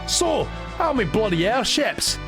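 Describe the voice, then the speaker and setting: A man voicing a gruff, foul-mouthed older airship engineer, swearing and scolding. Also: very high voice, very animated, unhurried, music in the background, voice pushed up, heavily acted. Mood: blustery scolding.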